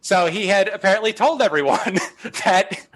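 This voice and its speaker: A man's voice: high-pitched, lively intonation, moderate pace, fairly bright tone, poor audio. A man, a guest comedian, telling a story casually with lots of "you know" and "uh" fillers.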